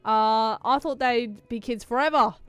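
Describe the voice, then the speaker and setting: A woman's voice: on the high side, unhurried, clear, resonant tone, no room sound, close to an everyday voice. A woman voicing a jovial, talkative middle-aged man with a put-on accent, reading a visual novel aloud.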